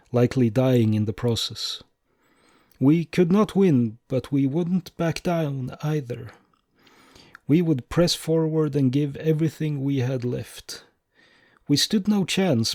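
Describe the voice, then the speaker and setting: Male author narrating his war memoir, measured and steady, mid pitch, dry close sound. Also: no room sound. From Sweden or Finland. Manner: steady, measured narration, swelling at key moments.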